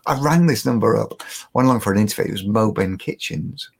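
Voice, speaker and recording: An older Englishman tells his story as a guest in a rambling, self-mocking way. His low voice is gravelly and a little husky, and he trips over his words and restarts often. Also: expressive, fairly quick, a little mellow. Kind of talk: casual storytelling.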